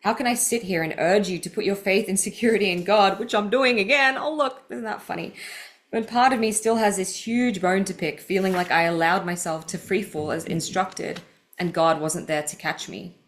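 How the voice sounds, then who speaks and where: A woman's voice: lowish voice, normal speed. A woman podcast host reading aloud from her own book with personal asides, earnest and vulnerable, her voice welling with grief.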